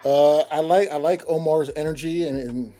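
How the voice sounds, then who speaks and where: A man arguing his picks on a casual sports talk show, measured with many restarts. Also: on the high side, fairly even intonation, warm tone, slight background noise. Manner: measured, halting, lots of restarts. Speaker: panelist.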